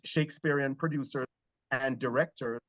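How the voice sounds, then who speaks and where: A man from Jamaica with a Jamaican accent, a theater actor telling stories in an interview, animated but hesitant. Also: medium pitch, moderate pace, no room sound, poor audio. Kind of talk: conversational interview.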